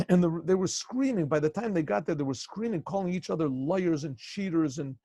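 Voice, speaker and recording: A man, a rabbi, telling a story in a casual lesson, often clearing his throat, over a video call. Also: a little high, a little fast, dark tone, no room sound, studio quality.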